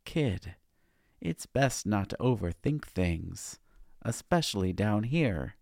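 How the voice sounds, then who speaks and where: A man's voice: fairly low pitch, sing-song, slow, creaky, darkish tone, dry recording, studio quality, heavily acted. A man voicing a wry, otherworldly guide who walks on water, speaking in a teasing sing-song.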